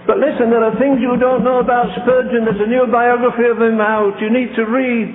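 An older man preaches a fiery, exhorting sermon full of rhetorical questions. His voice is high-pitched. The recording is tinny and phone-like, with a long echo from a large hall. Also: little pitch movement, fairly quick, slight background noise.

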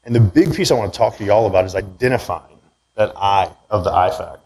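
A man's voice: lowish voice, expressive, brisk, a little mellow, a little hiss or hum, poor audio. Candid man telling his story to a room. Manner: candid, conversational, keeps asking "right?". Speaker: speaker giving a talk. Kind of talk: personal story talk to a live audience. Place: room with an audience.

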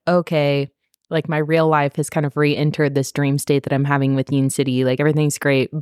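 A woman co-hosting a podcast, recapping a TV show in casual chat, animated, laughing and swearing as she acts out the characters. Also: deep voice, no echo, studio quality. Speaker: podcast co-host.

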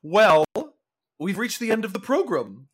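A man's voice: high voice, sing-song, measured pace, a bit bright, husky. A man hosting a podcast, chatting casually, blunt and given to casual swearing. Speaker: podcast host. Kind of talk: casual chat.

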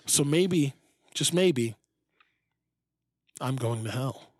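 A man's voice: mid-range voice, expressive, very slow, no echo, clean studio sound. A man co-hosting a podcast, rambling crudely and laughing often in casual comedic chat. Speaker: podcast co-host.

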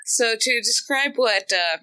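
Bright-voiced chatty woman. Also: fairly high pitch, animated, unhurried, low-quality recording. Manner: chatty, enthusiastic, rambling. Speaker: podcast co-host. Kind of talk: casual chat about tabletop gaming.

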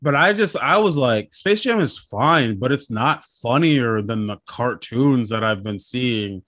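An animated man talking casually and profanely, often dropping into quick impressions of other people. His voice sits at a middle pitch and is recorded close and dry, with no room sound around it. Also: dry recording. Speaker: podcast co-host. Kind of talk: casual chat.

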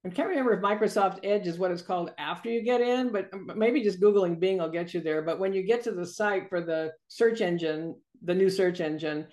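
A woman's voice: on the low side, darkish tone. Talkative woman guest laughing between phrases. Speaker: guest, copywriting coach. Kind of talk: casual video-call conversation. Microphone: video call.

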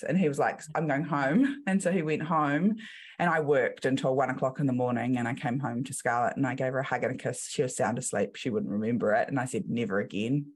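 A woman's voice: a bass voice, fast talker, husky. Storytelling New Zealand woman. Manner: lively storytelling, acts out quoted voices. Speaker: guest, business coach. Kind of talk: podcast interview.

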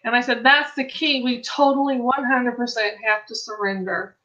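A woman's voice: on the high side, fairly even intonation, normal speed, lo-fi sound, crowd noise. A middle-aged woman giving an earnest faith testimony, telling a friend's story with many restarts and quoted lines. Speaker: Christian ministry speaker. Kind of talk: testimony-style faith talk.

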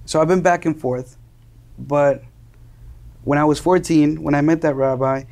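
A man's voice: fairly high pitch, steady tone, normal speed, creaky, a little mellow. A young man from Colombia, a guest in an interview, earnestly telling his story and often repeating and restarting words as he searches for phrasing. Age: young adult.

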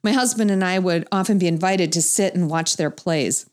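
A middle-aged woman, a mother, telling a humorous family story to an audience and acting out the voices she quotes. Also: normal speed. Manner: animated, acts out quoted voices with big pitch jumps.

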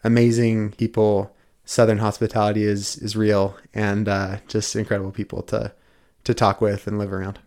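A man's voice: lowish voice, completely flat delivery, normal speed, a little mellow. A man in his thirties, a podcast host taking the guest seat, telling his story in an earnest, casual way with frequent restarts.

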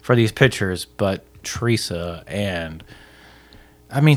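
Low-voiced sarcastic man co-hosting. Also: big pitch swings, slow. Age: 30s. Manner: dry, sarcastic storytelling. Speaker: podcast co-host. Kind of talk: casual chat.

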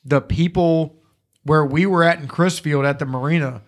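Hosting his podcast, this man swaps crude, laid-back stories and laughs frequently. His voice is fairly high and moves at a moderate pace.

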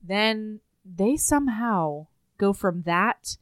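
A woman's voice: medium pitch, lively intonation, slow, no room sound, studio quality. A woman in casual conversation, animatedly retelling a story and acting out bits of dialogue. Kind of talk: casual book chat.

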